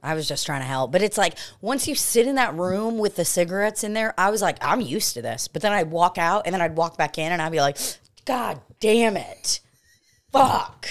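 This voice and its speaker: A woman's voice: fairly low pitch, lively intonation, quick pace, few pauses. A woman co-hosting a casual comedy podcast, telling rambling, profane stories and acting out what people said. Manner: profane, rambling storytelling with acted-out quotes. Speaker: podcast co-host.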